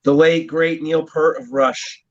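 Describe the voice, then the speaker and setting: Drummer guy from new jersey, rambly storyteller, kinda high voice, muffled dull audio. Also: steady tone, unhurried. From New Jersey, USA. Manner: rambling, storytelling, chuckles often. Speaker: guest drummer. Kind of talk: casual interview chat.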